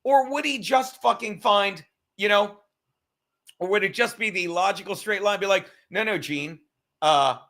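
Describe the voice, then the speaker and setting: A man's voice: high-pitched, fairly even intonation, moderate pace, sharp tone. A man hosting a livestream, ranting and mocking in a profane, combative way. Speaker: livestream host.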